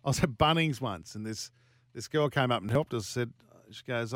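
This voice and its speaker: A man's voice: mid-range voice, a little fast, no room sound. A man hosting a sports radio show, bantering jokily and laughing often. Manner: jokey, laughs often, plays up fun facts. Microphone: studio mic.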